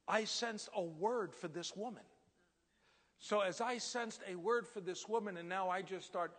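A man preaching a sermon as a story, lively and animated, sometimes dropping to a hushed whisper. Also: high voice, a little slow, in a large hall.

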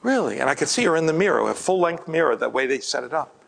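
A man preaching, telling a personal story and often dropping to a hushed, breathy near-whisper. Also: a little high, big pitch swings, fast, low-quality recording. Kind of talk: storytelling sermon.

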